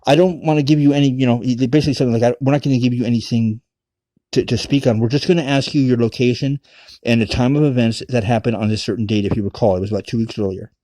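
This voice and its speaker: A man's voice: medium pitch, steady tone, quick pace, warm tone, dry recording. Rambling, profane man telling a story. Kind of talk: casual personal storytelling.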